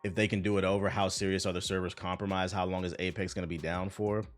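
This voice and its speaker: A man's voice: deep voice, little pitch movement, fast. A man streaming live, casually and profanely commenting on gaming news and talking to his chat. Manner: profane, rambling, talks to chat. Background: music beat playing.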